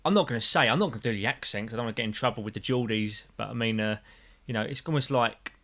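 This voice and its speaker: A man's voice: medium pitch, very fast, fairly bright tone. A man co-hosting a podcast, joking around, swearing freely and rambling in casual banter. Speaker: podcast co-host.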